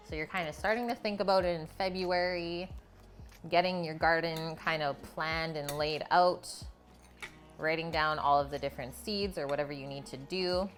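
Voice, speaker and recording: Low-voiced woman chatting while cooking. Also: a bit bright. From Canada. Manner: chatty, explains cooking steps as she goes. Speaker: cooking stream host. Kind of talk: casual live cooking chat. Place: home kitchen.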